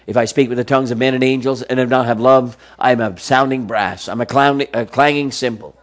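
A man with a steady, mid-range voice preaches a sermon, reading scripture verse after verse. He swings between soft, slow passages and emphatic, rising exclamations.

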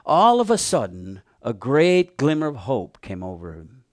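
A man preaching a sermon, retelling a Bible story with animated, fervent emphasis. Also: mid-range voice, a little slow, dry recording, clean studio sound.

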